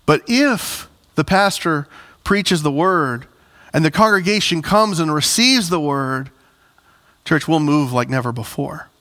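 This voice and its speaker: A man's voice: fairly high pitch, animated, a little slow, sharp tone. A man preaching a sermon, addressing the congregation directly and rising into emphatic bursts. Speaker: pastor.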